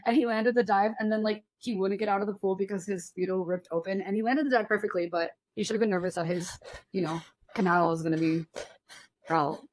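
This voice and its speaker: A young adult woman, a podcast guest, telling stories in animated casual chat with lots of fillers and laughter. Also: medium pitch, fast, no echo.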